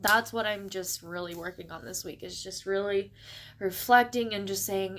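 A woman's voice: mid-range voice, fairly even intonation, a bit bright. Emotional woman reflecting, close to tears. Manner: emotional, halting, near tears. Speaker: vlogger. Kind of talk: personal reflective monologue.

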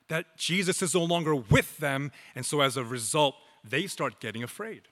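A man preaching a sermon as pastor, slow and emphatic with dramatic pauses. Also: on the high side, sharp tone, big-room sound.

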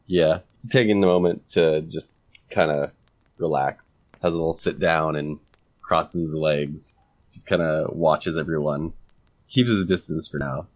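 A man casually describing his character's actions as a player, relaxed and quick to laugh. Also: rumbling low. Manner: relaxed, laughs easily, hedging. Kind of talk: casual tabletop play.

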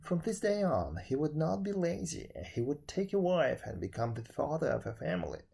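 A male narrator reading an old folk tale aloud with dramatic expression. His pitch rises and falls a lot, and his voice has a warm, somewhat husky tone. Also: big pitch swings, normal speed.

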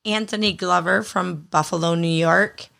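A woman's voice: fairly low pitch, fairly even intonation, normal speed, vocal fry, a bit bright. Chatty, swearing Michigan woman podcast host. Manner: chatty, swears freely, laughs easily. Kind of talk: casual chat.

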